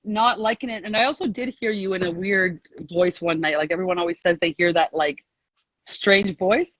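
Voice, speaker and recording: A woman's voice: on the low side, moderate pace, no room sound, dull audio. A woman guest on a casual live call, telling her story in a chatty, rambling way, full of "like"s and laughter. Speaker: guest sharing a success story.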